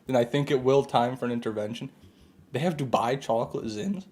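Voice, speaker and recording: A man's voice: medium pitch, fairly quick, darkish tone. A man streaming a game live, chatting casually with viewers and answering their comments, sometimes with sarcastic jabs.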